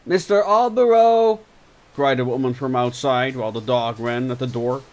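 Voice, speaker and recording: A man narrating a fiction audiobook with dramatic swings from loud to hushed. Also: mid-range voice, little pitch movement, a little fast. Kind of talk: audiobook narration with character voices.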